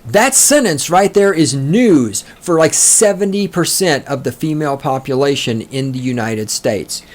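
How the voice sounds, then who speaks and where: Guy ranting on his podcast, slow and sarcastic, lots of swearing, voice swings up and down. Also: a little high, animated. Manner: reads passages aloud, then mocks them. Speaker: podcast host. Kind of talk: solo book-discussion podcast.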